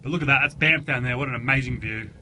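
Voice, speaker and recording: A man's voice: medium pitch, fast. Chatty man vlogging outdoors. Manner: chatty and excitable, with mild swearing. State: out of breath. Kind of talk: travel vlog narration. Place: outdoors on a mountain and in a gondola cabin. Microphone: handheld camera mic. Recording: noisy outdoor camera audio.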